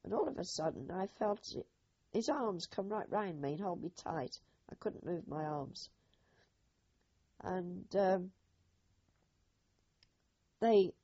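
An older woman recalls her own experiences in a slow, unhurried way. Her voice is husky and mellow, and she acts out each speaker's quoted words. The recording sounds dull and lo-fi. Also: fairly low pitch. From Britain. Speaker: eyewitness. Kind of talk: oral history storytelling.

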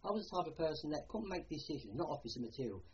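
An older Londoner with a Cockney accent recalls his war service for an oral history, rambling and plain-spoken and often adding "you know". His voice is fairly high, very animated and rapid-fire, on a muffled recording with slight background noise.

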